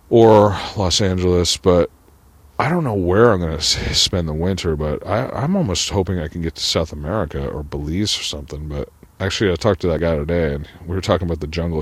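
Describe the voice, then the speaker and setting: A man's voice: deep voice, no room sound. A man talking to camera in a rambling personal monologue, profane and full of "like". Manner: profane, rambling, heavy use of "like". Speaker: vlogger.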